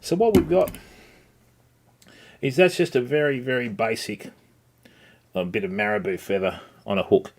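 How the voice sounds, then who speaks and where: A man's voice: mid-range voice, normal speed, long pauses, noisy background. A middle-aged man, hosting a casual live-stream tutorial on tying flies and chatting with viewers as he works. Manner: chatty, greets viewers by name, lots of "mate" and "okay". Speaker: livestream host teaching fly tying.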